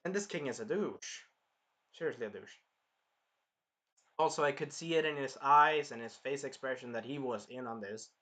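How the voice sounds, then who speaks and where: Bright-voiced man rambling through an anime review. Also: mid-range voice, moderate pace, pauses often. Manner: rambling, loose recap with profanity. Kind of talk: casual episode review.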